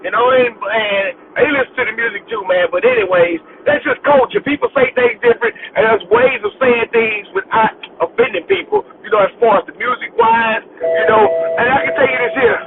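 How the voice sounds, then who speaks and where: A man with a notably high voice that swings widely in pitch. He talks in a laid-back, rambling way, dropping "you know" and "man" constantly. The sound is thin and phone-like, with steady noise underneath. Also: fairly quick, few pauses. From Beaumont, Texas. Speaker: independent rapper, guest. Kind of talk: casual interview talk. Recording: tinny phone-like line with noise.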